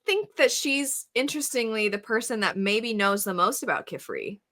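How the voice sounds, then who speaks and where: A woman's voice: fairly high pitch, normal speed. A woman guest in a casual chat, talking animatedly and often acting out what people say. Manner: animated, acts out quoted lines with laughs.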